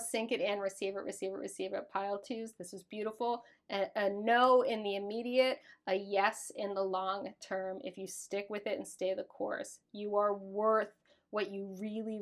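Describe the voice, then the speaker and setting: A woman in her thirties reads tarot cards to camera in a casual, affectionate, gushing way. Her voice sits at an ordinary middle pitch. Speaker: tarot reader.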